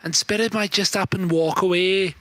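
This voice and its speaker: A man's voice: high-pitched, fairly even intonation, normal speed, a bit bright, no room sound. A man doing an exaggerated, shifting English regional accent while casting a game, calling players "mate" and "lad" in a brash, slangy way. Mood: cheeky. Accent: mixed English regional accents, put on. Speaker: esports caster. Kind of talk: comedic play-by-play commentary.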